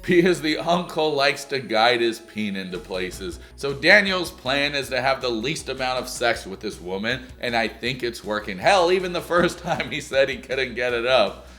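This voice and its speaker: A man's voice: medium pitch, lively intonation, normal speed, few pauses, pushed and bright, soft background music. A man giving a crude, sarcastic comedic recap of a reality show, mocking the people in it. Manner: sarcastic, crude, mocking, slips into silly voices.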